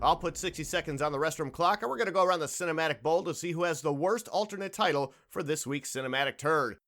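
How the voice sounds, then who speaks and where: High, bright-voiced boisterous male host. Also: fast, a little hiss or hum. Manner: boisterous, laughs loudly at jokes. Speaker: podcast host. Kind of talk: comedy podcast hosting.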